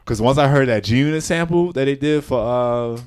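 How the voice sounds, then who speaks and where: A young man co-hosting a podcast in casual chat, laid-back, trading quips and quick reactions. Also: medium pitch, a little mellow, clean tone. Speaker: podcast co-host.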